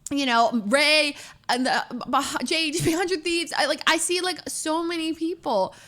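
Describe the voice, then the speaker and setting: High-voiced young woman telling a story. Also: unhurried. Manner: animated, laughing often, many fillers. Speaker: streamer. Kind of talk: casual storytelling.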